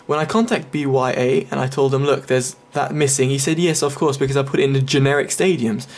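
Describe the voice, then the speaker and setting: A man's voice: medium pitch, steady tone, brisk, gravelly. A man giving casual, chatty commentary over a game walkthrough, explaining each step with many fillers. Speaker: gaming video creator.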